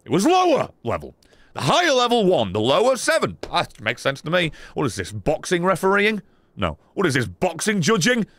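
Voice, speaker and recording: A man streaming a video game live, commenting excitably and swearing often. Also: high-pitched, moderate pace, dry recording. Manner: excitable, profane, chatty.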